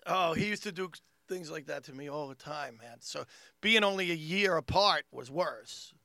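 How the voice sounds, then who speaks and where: A man telling wild family stories on a casual podcast, acting out relatives with sudden loud bursts. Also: moderate pace, creaky, no echo, studio quality. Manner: animated storyteller who acts out family members with big jumps in pitch and loudness. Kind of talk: casual comedic storytelling.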